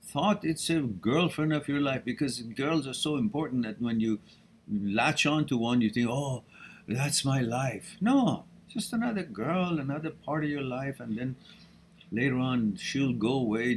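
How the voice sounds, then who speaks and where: A man's voice: medium pitch, expressive, normal speed, a little hiss or hum. Blunt man hosting a live Q&A. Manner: blunt, frank, swears casually, laughs often. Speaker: host answering viewer questions. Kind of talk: live-stream Q&A.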